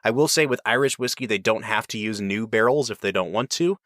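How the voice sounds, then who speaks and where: A man's voice: on the low side, a little fast, a bit bright, dry recording, clean studio sound. A man hosting a podcast, explaining things at length in a casual, enthusiastic way. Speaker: podcast host.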